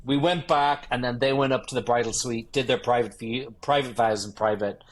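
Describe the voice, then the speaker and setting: A man's voice: mid-range voice, brisk. A man, a guest photographer telling swear-laced wedding stories in a casual interview. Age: 50s. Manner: swearing, animated anecdotes.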